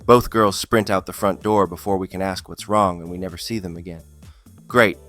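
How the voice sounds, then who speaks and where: A man's voice: deep voice, fairly even intonation, moderate pace, fairly bright tone, soft background music. A man narrating funny stories in a scripted style, with a dry comic delivery that lifts on the punchlines. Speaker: storyteller.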